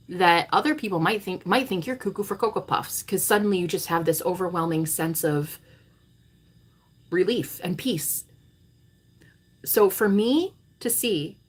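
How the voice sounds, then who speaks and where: In her thirties, this spiritual coach talks to vlog viewers with a medium-pitched, slightly rough voice. Her monologue is dramatic and full of swearing, moving back and forth between loud statements and whispered asides.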